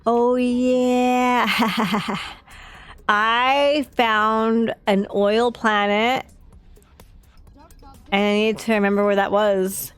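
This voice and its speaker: Slow-talking, chatty woman streamer. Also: a little high, little pitch movement, smooth, no echo, soft background music. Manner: chatty, talks to herself, laughs often. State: tired. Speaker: game streamer. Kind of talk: casual live-stream chat while playing.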